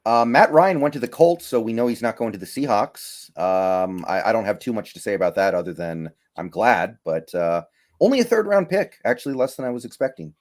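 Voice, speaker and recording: Male podcast co-host, slightly low voice, measured delivery. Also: expressive. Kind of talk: casual sports chat.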